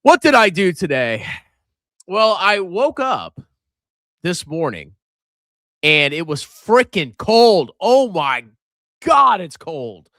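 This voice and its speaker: A man's voice: high voice, very animated, slow, long pauses, bright, forceful tone, no echo, clean studio sound. A middle-aged man hosting a casual livestream, joking and sarcastic, with theatrical swings in his voice. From Virginia coast, USA. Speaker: livestream host.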